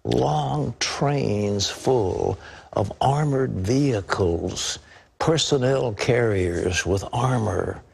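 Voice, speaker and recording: A man's voice: medium pitch, extremely slow, gravelly, a little mellow, slightly rough. An older man giving grave, concerned commentary in a played clip.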